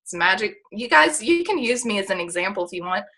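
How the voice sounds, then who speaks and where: Bright, chatty young woman coaching. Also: mid-range voice, quick pace. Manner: animated, chatty, lots of "like" and "okay?". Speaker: sales coach on a team call. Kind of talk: coaching talk on a call.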